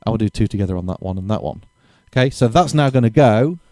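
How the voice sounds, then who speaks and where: A man's voice: on the low side, animated, fast talker, noisy background. A man giving a casual drum lesson, thinking aloud and correcting himself as he explains exercises. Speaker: drum teacher.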